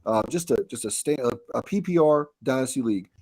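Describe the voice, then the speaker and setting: Man hosting a sports quiz on a call, animated delivery. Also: medium pitch, fast. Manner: lively, animated, laughs often. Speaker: podcast host and quizmaster. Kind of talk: casual fantasy football quiz chat.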